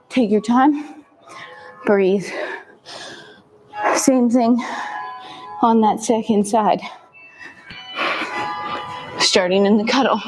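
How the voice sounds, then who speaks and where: In a slightly high voice, a female trainer calmly talks listeners through kettlebell exercises one short instruction at a time. Between sets she's audibly out of breath.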